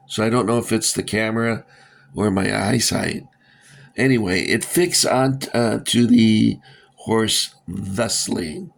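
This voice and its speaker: Slow gravelly man reviewing toy soldiers. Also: on the low side. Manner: rambling, many fillers, dry jokes. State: winded. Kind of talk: casual hobby review.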